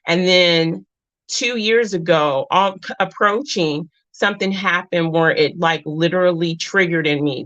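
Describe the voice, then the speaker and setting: Earnest woman in her thirties rambling warmly. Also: low-pitched, no room sound. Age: 30s. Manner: earnest, rambling, drifts off topic and back; emotional, warm, close to tears. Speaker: live-stream host. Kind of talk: heartfelt live chat with viewers. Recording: dull, dry, lo-fi sound.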